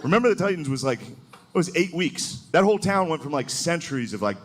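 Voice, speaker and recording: A man's voice: fairly high pitch, expressive, a little fast. A man doing a stand-up comedy set in a loose, rambling, casual way. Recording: live club recording with audience.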